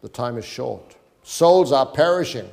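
A male preacher exhorts his congregation in a sermon, reading scripture aloud in King James wording and pleading with his listeners. His mid-range voice is gravelly, a little mellow and animated, with a slightly slow pace. Long hall reverb fills the recording.

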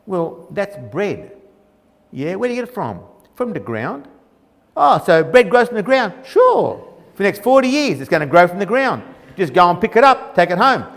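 A man's voice: high-pitched, long reverb tail. A man preaching a sermon in a colloquial, emphatic way, mocking the grumbling of the people he quotes.

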